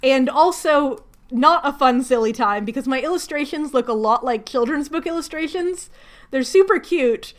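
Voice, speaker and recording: Woman host, high voice, rambly self-deprecating craft-stream chatter. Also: lively intonation, normal speed. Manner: chatty, rambling, laughing at herself. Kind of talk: casual livestream chat while crafting.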